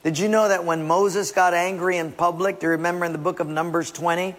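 A man preaching a sermon in an urgent, emphatic way, dropping to hushed asides and rising to loud exhortation. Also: high-pitched, fairly even intonation, fairly quick. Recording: long reverb from a large hall.

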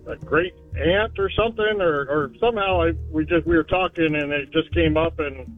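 A man's voice: fairly high pitch, normal speed, faint music behind. A man calling in to a radio show, hesitant and full of restarts. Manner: hesitant, many fillers and restarts. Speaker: caller. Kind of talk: phone-in call. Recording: tinny phone line.

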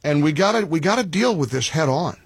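Radio host guy, kinda husky, a bit high, dry studio sound, emphatic. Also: animated, a little fast, dry recording. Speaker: radio talk show host. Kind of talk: talk radio monologue and caller chat.

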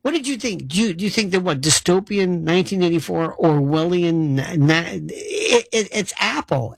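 A man's voice: high voice, moderate pace, creaky, few pauses, dry recording. A man delivering a sarcastic monologue rant as a commentator, mocking and exasperated, acting out the voices of the people he criticizes. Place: New York City.

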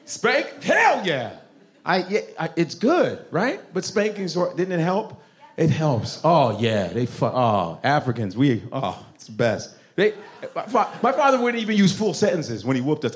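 A man with a somewhat high, lively voice does stand-up, chatting with the crowd and swearing freely. His pitch swings widely as he riffs. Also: moderate pace. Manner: animated, profane, talks to the audience. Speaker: stand-up comedian. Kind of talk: stand-up comedy with crowd work. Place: comedy club stage.

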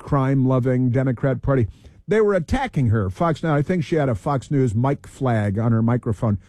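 A man's voice: medium pitch, mellow, dry recording, studio quality. A man hosting political talk radio, heated, repeating himself and reeling off long lists.

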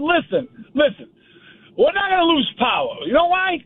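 High-pitched male caller on a tinny phone. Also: wildly swooping pitch, moderate pace, dry recording. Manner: blunt, teasing, repeats himself. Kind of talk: call-in on talk radio. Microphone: phone line.

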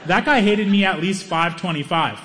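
A man telling a stand-up story, lively, acting out other people's lines. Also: normal speed. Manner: animated, acts out other people's lines in higher voices. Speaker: stand-up comedian.

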